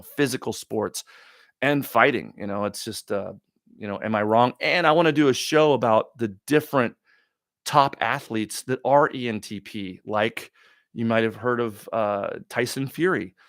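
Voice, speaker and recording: A man hosting a live question-and-answer stream, talking in a rambling, excitable way with many restarts. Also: fairly low pitch, dry recording, clean studio sound. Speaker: talk show host.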